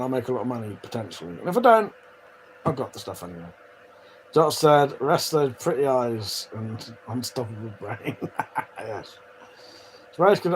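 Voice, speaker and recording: A man with a mid-range voice hosts a livestream, chatting casually, swearing often, and laughing as he reads viewer comments. The recording is rough, with slight background noise.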